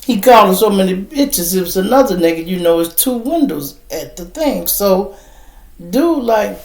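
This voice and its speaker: A man hosts his podcast and tells a street story in loose, profane talk. His voice is gravelly. The room around him has an echo. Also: high voice, animated, moderate pace. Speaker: podcast host. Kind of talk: casual storytelling monologue. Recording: roomy echo.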